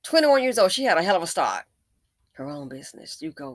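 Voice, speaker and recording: A woman hosting an opinion commentary, sarcastic and emphatic, swinging between loud stresses and low muttered asides. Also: very animated, brisk, no room sound. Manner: sarcastic and emphatic, with repeated jabs. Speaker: commentary channel host.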